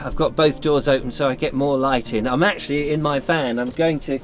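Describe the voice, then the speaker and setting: A man's voice: mid-range voice, fairly even intonation, brisk, faint music behind. A middle-aged man from England, chatting casually to camera in a rambling, friendly way, recorded outdoors by his van with wind buffeting the microphone. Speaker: vlogger. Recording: outdoor wind noise on mic.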